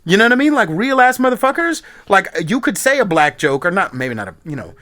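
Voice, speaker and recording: A man hosting a podcast in casual chat, animated and profane, laughing often. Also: high voice, quick pace, no room sound. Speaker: podcast host.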